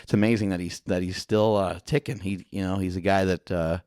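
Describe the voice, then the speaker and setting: Profane storytelling podcast host, low voice. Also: male voice, steady tone, a little fast, darkish tone, clean tone, no echo, clean studio sound. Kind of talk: casual podcast chat.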